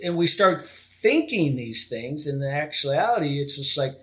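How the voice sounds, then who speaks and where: Male podcast host, fairly high voice, loose and rambling delivery. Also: very animated, a little slow, fairly bright tone. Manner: rambling, heavy on "like" and "you know". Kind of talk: casual interview chat.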